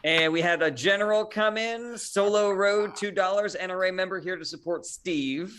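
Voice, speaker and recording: Bright high-voiced man reading tips. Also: moderate pace, clear, resonant tone. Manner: upbeat, rattles off names and amounts. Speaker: co-host reading out viewer tips. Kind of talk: casual online comedy show chat.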